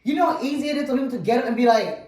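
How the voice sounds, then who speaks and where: A woman's voice: high voice, very fast, darkish tone, reverberant, recorded from a distance. A woman vlogger telling a story in casual chat, rambling and talking straight to viewers. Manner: rambling, addresses viewers as "you guys".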